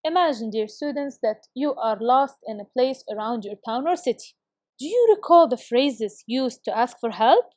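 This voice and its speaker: A woman teaching a recorded English lesson with a clear, encouraging classroom delivery. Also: on the high side, animated, normal speed, a little mellow, no room sound, clean studio sound.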